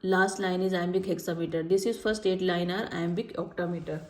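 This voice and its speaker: A woman teacher reading exam questions and options aloud in a prep lecture, then repeating each answer slowly. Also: lowish voice, fairly even intonation, reverberant, rough recording.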